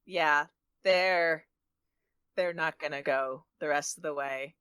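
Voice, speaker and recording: Woman player, bright and crisp, dry close sound, flustered. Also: sits low, slow pace, dry recording. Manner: flustered, drops to mumbling. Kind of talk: casual tabletop play.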